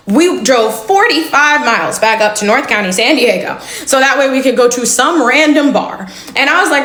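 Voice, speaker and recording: A young woman in her twenties telling a personal story in a chatty, animated way. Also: sits high, moderate pace. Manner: chatty, animated retelling with laughs. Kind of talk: casual storytime. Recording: echoey room.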